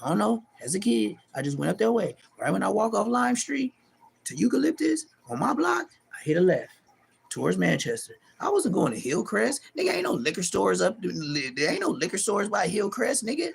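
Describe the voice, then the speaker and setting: A middle-aged man delivering a profane, taunting callout rant to the camera, animated and mocking. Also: moderate pace, vocal fry, breathy edge. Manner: animated, profane, taunting, pitch leaping high in mocking bursts. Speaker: street vlogger.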